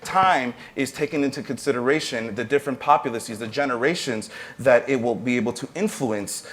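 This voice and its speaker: Male professor, panel guest; earnest, motivational delivery, mid-range voice. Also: medium pitch. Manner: earnest, motivational, with brief restarts. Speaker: panelist, arts entrepreneurship professor. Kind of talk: panel discussion talk.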